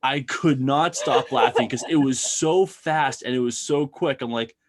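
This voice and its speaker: A man's voice: mid-range voice, measured pace. A man co-hosting a casual horror-film chat, retelling scenes expressively and laughing at them. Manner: expressive storyteller, laughs at his own recaps. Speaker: podcast co-host.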